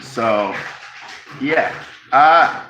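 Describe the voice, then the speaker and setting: A man's voice: mid-range voice, animated, very slow, sharp tone, lo-fi sound, slight background noise. A man from Wales with a Welsh accent, casually chatting on a live stream from his home, reading out comments, rambling and chuckling as he sips tea. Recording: echoey room.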